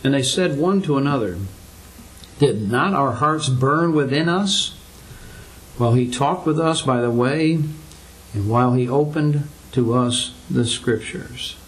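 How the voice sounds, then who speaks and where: A man's voice: mid-range voice, unhurried, low-quality recording. An older man preaching a sermon to his congregation, earnest and full of rhetorical questions, his voice climbing for emphasis.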